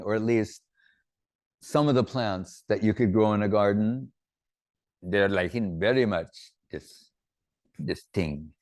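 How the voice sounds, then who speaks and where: Man, spiritual teacher, informal religious talk, rambling anecdotes, lowish voice, dry close sound. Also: darkish tone, no room sound.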